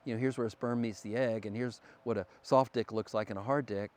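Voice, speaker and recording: A middle-aged man talking fast in an animated, profane conversation as a podcast guest. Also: on the low side. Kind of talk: casual conversation.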